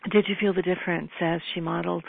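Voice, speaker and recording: A woman hosts a webcast interview in a soft, affirming manner. Her low voice has a gravelly edge, and it comes through a thin, phone-like line. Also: steady tone, fast, no echo. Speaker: host.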